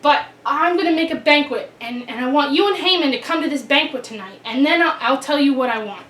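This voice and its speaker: A woman plays a careful, brave young queen in a children's Bible story, polite and a little hesitant. Her high voice sounds roomy and far from the mic. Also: brisk, fairly bright tone.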